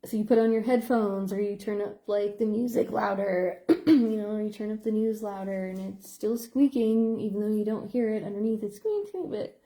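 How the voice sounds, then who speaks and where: A woman's voice: flat delivery, moderate pace, warm tone. A middle-aged woman, a psychotherapist, talking in a rambling stream-of-consciousness monologue full of fillers. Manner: rambling, filler-heavy, with playful squeak sound effects. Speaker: psychotherapist and behavior analyst.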